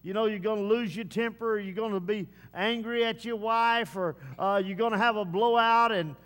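High-voiced folksy preacher in a reverberant hall. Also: male voice, moderate pace, fairly bright tone, clear, resonant tone. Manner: folksy, many uh fillers, repetitive preaching cadence. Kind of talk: sermon. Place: church service.

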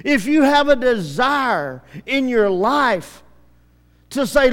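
A male preacher giving an impassioned evangelistic sermon at a church service, swinging from hushed passages to shouting. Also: very high voice, very animated, slow pace. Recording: long church reverb.

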